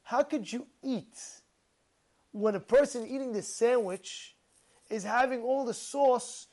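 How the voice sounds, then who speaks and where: Male speaker, informal sermon, animated and questioning, stumbles and repeats as he goes. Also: very high-pitched, takes it slowly. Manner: animated, full of rhetorical questions; repeats and restarts words. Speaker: religious speaker. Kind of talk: informal religious talk.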